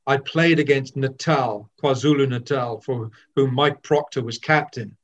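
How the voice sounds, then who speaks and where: An older man from Wales telling candid stories of his cricket career, lively and with frequent restarts. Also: medium pitch, unhurried, lo-fi sound. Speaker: former cricketer. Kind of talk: reminiscing storytelling.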